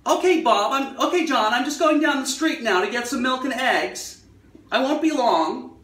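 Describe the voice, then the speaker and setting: A man putting on a high, crisp old-movie American voice. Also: animated, normal speed, fairly bright tone. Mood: crisp, chipper. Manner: very clearly enunciated, nothing mumbled. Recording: echoey room, far from mic.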